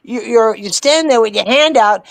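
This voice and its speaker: A woman's voice: fairly high pitch, normal speed, gravelly, dry recording. Chatty woman podcast co-host, dry mic. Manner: chatty storyteller, emphatic. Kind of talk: casual political chat.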